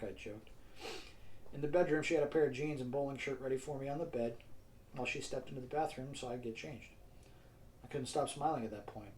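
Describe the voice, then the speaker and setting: A man reading his own audiobook in an even, mid-range voice. He keeps it casual and drops wry asides to the listener, with faint noise under the recording. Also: mid-range voice, quick pace, rough recording. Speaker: narrator and author. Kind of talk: self-read audiobook narration.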